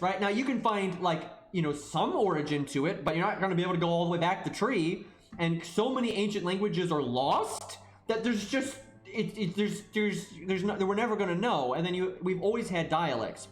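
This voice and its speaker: A man's voice: sits high, echoey room. A man streaming live, ranting in a casual, profane way and tagging his points with "right?".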